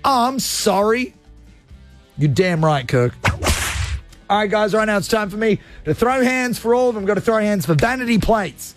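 Radio host, man, very high voice, over-the-top comic rants. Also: normal speed, faint music behind. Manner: energetic, exaggerated, ranting. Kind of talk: comedic radio rant.

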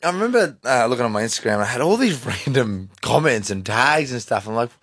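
A man's voice: mid-range voice, sing-song, a little fast, fairly bright tone, husky, dry recording. A man with an Australian accent, a radio co-host in casual studio banter, laughing and playfully boastful.

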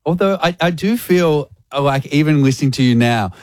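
A man co-hosting an interview with a very lively, swooping voice. He jokes and argues his opinions, and his voice sounds close and dry. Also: on the high side, a little fast, dry recording. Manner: animated, joking, opinionated. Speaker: radio co-host. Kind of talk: casual interview chat.

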